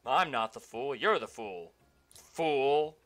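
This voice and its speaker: A man doing a cocky rival from a video game, taunting and bright-toned. Close to his own everyday voice. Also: medium pitch, animated, takes it slowly, soft background music. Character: boastful young male rival.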